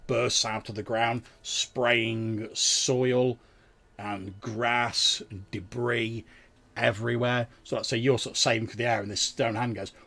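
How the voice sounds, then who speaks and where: Gravelly, husky-voiced male game master. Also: mid-range voice, flat delivery, measured pace, sharp tone. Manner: descriptive, loose narration with many "like"s and restarts. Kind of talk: narrating a tabletop game.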